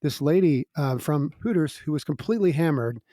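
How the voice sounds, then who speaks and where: A man's voice: on the high side, lively intonation, brisk, warm tone, no echo, clean studio sound. A middle-aged man, a guest musician, telling stories in a chatty way, laughing between lines. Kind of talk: casual storytelling interview.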